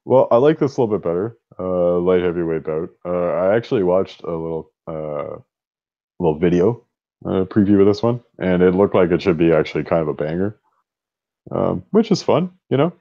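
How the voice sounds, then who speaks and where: A man from Canada co-hosting a casual sports podcast, teasing and animated. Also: deep voice, a little fast, dull audio. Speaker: podcast co-host. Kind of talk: casual chat.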